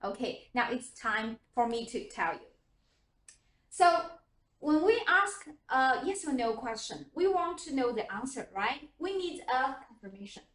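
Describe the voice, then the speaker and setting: Woman teacher prompting her class, high voice, echoey room, mic far away. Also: sing-song, measured pace, fairly bright tone. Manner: questioning, prompting students, demonstrating intonation. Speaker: English teacher.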